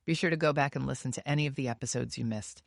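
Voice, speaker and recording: A woman's voice: rumbling low, rapid-fire, gravelly, no echo, clean studio sound. A woman from Staten Island with a New York accent, hosting a podcast interview in a chatty, enthusiastic manner. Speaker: podcast host. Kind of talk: casual interview chat. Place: recording studio.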